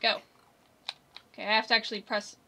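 A woman's voice: on the high side, level tone, brisk, vocal fry, bright, forceful tone, slight background noise. A woman giving chatty, giggly let's-play commentary, talking back to the game characters. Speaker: gameplay commentator.

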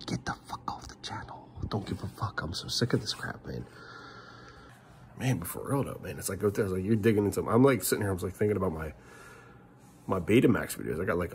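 A middle-aged man ranting in a vlog monologue, rambling and frustrated, swinging between loud outbursts and muttered curses. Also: deep voice, a little hiss or hum. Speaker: family vlogger.

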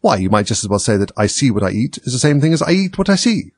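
A man's voice: medium pitch, sing-song, fast, a little mellow, slightly rough, no room sound, pitched above the performer's own voice. A man voicing a rude, riddling mad hatter who grumbles in a storybook reading. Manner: brusque, abrupt.

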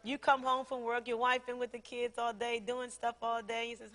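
A middle-aged woman pastor preaches in a high, bright voice. She is animated, laughs often and acts out conversations. Her words ring with the long reverb of a large church hall. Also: moderate pace, few pauses. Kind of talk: sermon.

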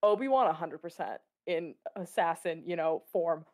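Casting: woman, lowish voice, playful podcast banter, acts out bits. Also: expressive, moderate pace, a little mellow. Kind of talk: casual podcast chat.

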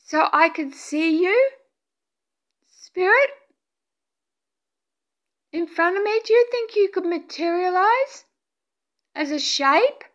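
A woman filming a paranormal vlog, breathless with excitement, calling out to spirits and pleading softly with them to appear. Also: very high voice, slow pace, long pauses, highs cut off. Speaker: paranormal video maker.

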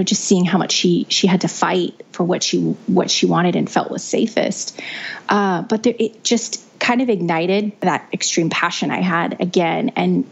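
A woman's voice: on the low side, vocal fry, breathy edge. A young woman telling her birth story as a podcast guest, in a chatty way with frequent restarts. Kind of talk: casual storytelling. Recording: dull lo-fi audio.

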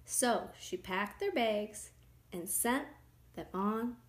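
A woman teacher reading a picture book aloud to children, animated, often dropping to soft whispers. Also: mid-range voice, slow.

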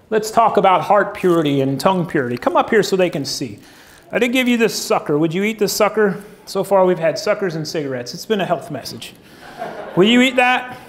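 A man preaching a sermon to a congregation, folksy and humorous, using props as object lessons and asking the crowd questions. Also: high-pitched. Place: church stage before a congregation.

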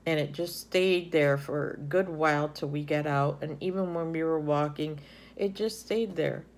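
A middle-aged woman shows off her finds in a relaxed, chatty way. Her voice sits a little low, and she gushes over each item, filling pauses with ums. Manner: chatty, gushing, many ums. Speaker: haul vlogger. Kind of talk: casual show-and-tell chat.

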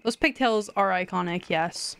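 A woman's voice: mid-range voice, moderate pace, creaky, a crowd in the background. A young woman live-streaming a video game, chatting and giggling as she reacts to what happens on screen. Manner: excited squeals at wins.

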